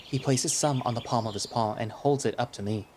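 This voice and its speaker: A man's voice: medium pitch, brisk, a little mellow, slight background noise. Man narrating a first-person audio drama. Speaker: narrator and lead voice.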